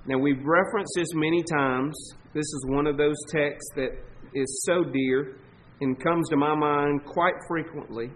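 A man with a Southern US accent preaching a sermon as pastor, emphatic, stretching key words and swinging between loud and soft. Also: fairly high pitch, rough recording. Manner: emphatic preaching, swelling and dropping in volume, slow stressed words.

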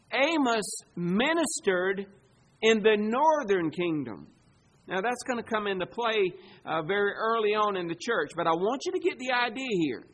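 A man preaching a sermon, swinging between loud emphasis and quiet asides. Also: sits high, slight background noise, low-quality recording. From Southern United States. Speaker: pastor.

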